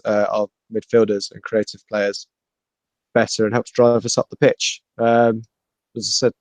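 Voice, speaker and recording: Man giving quick football opinions. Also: mid-range voice, a little mellow, no echo. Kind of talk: casual chat.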